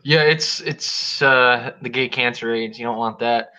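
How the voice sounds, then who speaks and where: A man's voice: medium pitch, steady tone, unhurried, pushed and bright, low-quality recording. A man joining a live stream as a guest, bantering crudely and restarting his sentences. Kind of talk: casual live-stream chat.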